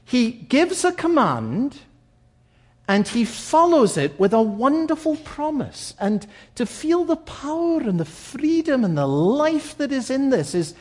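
Man, pastor, sermon, earnest and emphatic, high voice, slow delivery. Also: very animated, darkish tone. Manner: earnest, emphatic preaching with slow stressed phrases. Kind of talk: recorded sermon.

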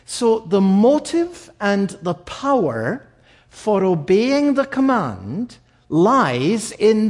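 A man preaching a sermon in an earnest, emphatic way, slowing down to stress key phrases. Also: high voice, a little mellow. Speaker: pastor. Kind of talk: recorded sermon.

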